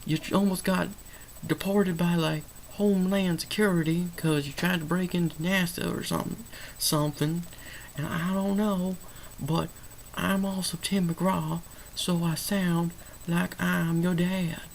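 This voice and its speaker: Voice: mid-range voice, steady tone, unhurried, creaky, slight background noise, poor audio. A vlogger putting on an exaggerated, over-the-top accent to play a blustering dad figure who keeps repeating himself. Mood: mocking. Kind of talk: mocking impression within a movie review.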